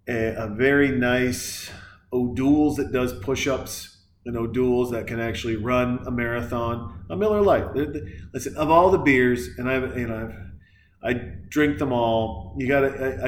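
Guy ranting thru a movie recap, swears a lot, gets worked up, kinda echoey room w a little hum. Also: medium pitch. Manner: profane, excitable, digressive. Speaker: movie reviewer. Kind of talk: rambling comedic movie recap.

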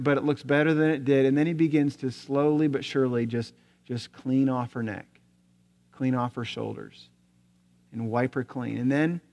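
A male pastor preaching a sermon, telling a story and asking rhetorical questions, often dropping to a soft voice. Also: mid-range voice. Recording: long hall reverb.

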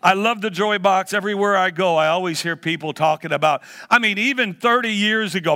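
Older guy preaching to kids at church, high bright voice, jokey game-show vibe. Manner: lively, teasing, game-show banter with the audience. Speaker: guest preacher. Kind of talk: playful children's church talk. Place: church hall.

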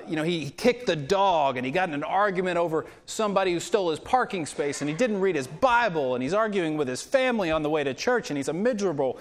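A man preaching a sermon as a pastor, telling a story in a conversational way and getting animated when quoting others, in a church sanctuary. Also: on the high side. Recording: long reverb of a church hall.

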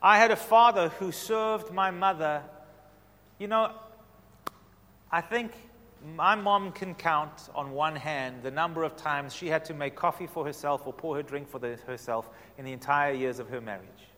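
A man preaching a sermon with passion, his delivery swinging from loud to soft. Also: on the high side, normal speed, long reverb tail. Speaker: pastor.

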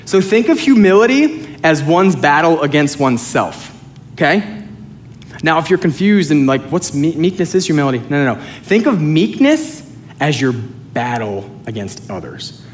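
A male pastor preaching a sermon, animated and joking, swinging between loud and soft. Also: on the high side, a little hiss or hum. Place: church sanctuary with congregation.

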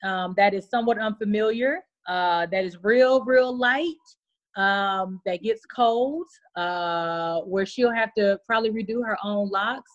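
Animated woman guest, casual talk. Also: medium pitch, a little slow, dull audio. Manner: animated, laughing, plays out reactions in voices. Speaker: podcast guest, co-founder. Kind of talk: casual conversation.

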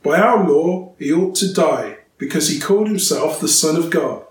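Man doing an angry mob yelling, loud and high, echoey far away. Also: animated, moderate pace, natural voice. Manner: loud, forceful shouting reads. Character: angry shouting crowd of male leaders. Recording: roomy, distant, faint ambience.

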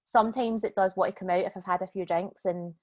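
A Scottish woman in her thirties, a business owner chatting as a podcast guest, relaxed and self-deprecating, laughing often. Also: mid-range voice, fast talker. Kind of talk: casual podcast chat.

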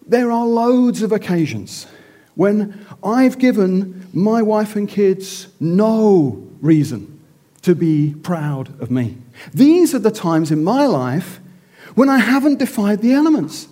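A man's voice: high-pitched, very animated, slow pace, dark tone. A middle-aged man telling a self-mocking story in a theatrical, sermon-like style. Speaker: speaker.

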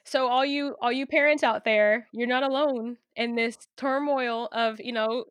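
A young woman hosting a casual podcast interview with her mother, chatty and quick to laugh, speaking straight to her listeners. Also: fairly high pitch, fairly even intonation, smooth, dry recording. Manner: chatty, laughs easily, talks to listeners directly. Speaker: podcast host.

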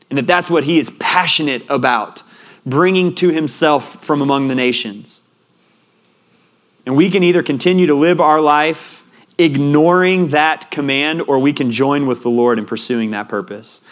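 A man preaching to his congregation in an earnest, storytelling way. His voice sits at an ordinary middle pitch, and at tender moments it drops soft and quiet. He sounds like a young adult pastor sharing a story from his own week. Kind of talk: sermon with personal story.

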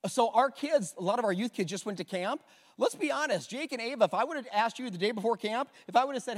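A man's voice: sits high, animated, quick pace. Earnest preacher man in a reverberant hall. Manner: earnest and emotional, swings from loud to hushed. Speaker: pastor. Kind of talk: sermon. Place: church sanctuary.

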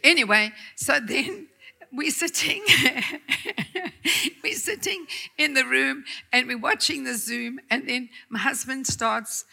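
A woman's voice: sits high, slow pace, vocal fry, sharp tone, breathy edge. A middle-aged woman preacher telling a personal story in a chatty sermon, laughing often and making fun of herself. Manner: chatty and laughing, self-mocking asides.

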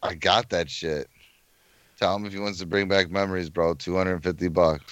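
A man with a very low, deep voice, chatting loosely on a podcast. He sounds easygoing and keeps slipping in "bro." The sound is dry and close, with no room around it. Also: steady tone, normal speed, a bit bright, no room sound, highs cut off. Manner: laid-back, says "bro" often. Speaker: podcast co-host. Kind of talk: casual chat.

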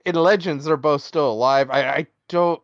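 A man's voice: fairly high pitch, moderate pace, no echo, highs cut off. A man co-hosting a podcast in casual chat, rambling and jokey. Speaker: podcast co-host.

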